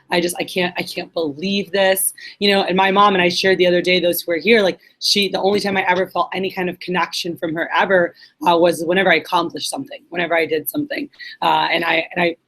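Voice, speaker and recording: A woman in her late twenties from Puerto Rico gives a candid, chatty talk at an event. She tells personal stories loosely, with plenty of fillers, and acts out what people said along the way. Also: lowish voice. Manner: candid, animated storytelling with fillers and acted quotes. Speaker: speaker. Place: event hall.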